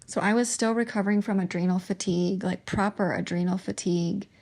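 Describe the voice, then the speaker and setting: A young woman hosting her own podcast, telling an emotional personal testimony in a halting way, with pauses and restarts. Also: mid-range voice, fairly even intonation, darkish tone.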